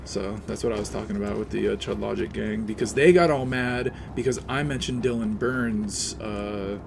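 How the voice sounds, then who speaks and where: A man's voice: on the low side, moderate pace, creaky, noisy background. A man, streaming a game and ranting sarcastically with a lot of swearing. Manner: sarcastic, profane, animated. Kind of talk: casual ranting while playing a game.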